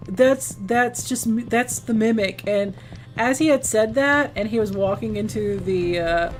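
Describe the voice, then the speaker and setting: Woman game streamer, casual rambling chat, fairly high voice, faint music behind. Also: measured pace. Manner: rambling, with many restarts, acting out quoted lines in a raised voice. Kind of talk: casual live-stream chat while gaming.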